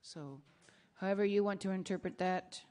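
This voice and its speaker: A woman leading a congregation chant, introducing it in a relaxed way. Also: medium pitch, moderate pace. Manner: relaxed, self-correcting. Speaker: chant leader.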